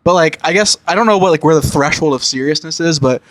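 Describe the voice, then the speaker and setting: A podcast co-host in casual chat, relaxed, with lots of likes and laughing along. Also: medium pitch, fast talker, no room sound.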